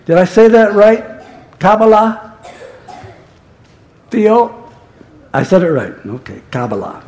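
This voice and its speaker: A man's voice: high voice, very animated, slow pace, darkish tone. A male pastor preaching a sermon in a conversational storytelling manner that turns emphatic.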